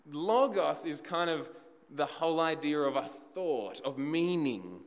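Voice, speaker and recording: A man's voice: on the high side, animated, a little slow, in a large hall. A man preaching a sermon in a conversational way, asking the congregation rhetorical questions.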